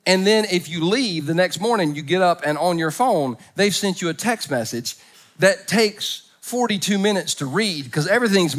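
This high-pitched middle-aged man is a pastor giving a humorous sermon during a church service. He tells stories with comic impressions, his volume swinging from quiet to loud.

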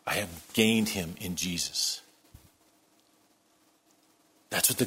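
A man preaching a sermon, telling a story that moves between quiet, hushed lines and loud, worked-up ones. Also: low voice, slow pace, long pauses, husky. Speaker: pastor.

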